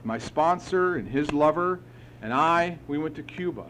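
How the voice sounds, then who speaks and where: A man's voice: fairly high pitch, expressive, moderate pace, a bit bright, a little hiss or hum. A middle-aged man sharing his story at a recovery meeting, speaking frankly and emphatically, with blunt swearing. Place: live meeting hall.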